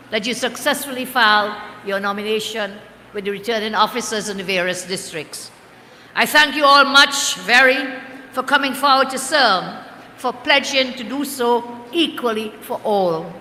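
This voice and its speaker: Brief: older woman, party leader, rousing rhetorical rally speech, bright forceful voice in an echoey hall. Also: on the high side, moderate pace, a little hiss or hum. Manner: rousing, rhetorical, chants slogans. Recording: echoey hall with crowd ambience.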